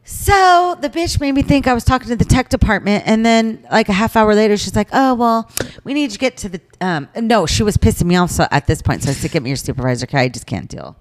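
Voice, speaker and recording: A woman's voice: mid-range voice, fast, hardly any pauses. A middle-aged woman co-hosting a casual podcast, telling a story with lots of swearing. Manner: profane, animated storytelling. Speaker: podcast co-host. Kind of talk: casual chat.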